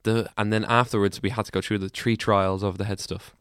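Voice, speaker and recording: A man's voice: lowish voice, a little fast, smooth, dry recording, clean studio sound. A man co-hosting a comedy podcast, telling a tale with laughs and swearing. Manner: laughing, animated, swears freely. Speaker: podcast co-host. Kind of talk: casual storytelling banter.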